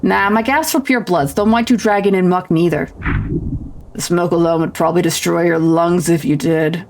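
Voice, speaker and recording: A woman's voice: lowish voice, normal speed. Woman doing a crunchy rude goblin potion seller. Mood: dismissive. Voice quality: crunchy, gravelly. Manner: rude, slangy street talk. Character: gruff cocky male goblin potion seller.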